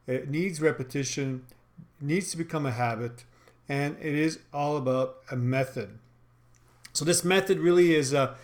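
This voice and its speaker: A man teaching retail sales, talking in an instructional, emphatic way and acting out sample phrases. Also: mid-range voice. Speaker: sales trainer. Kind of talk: instructional talk.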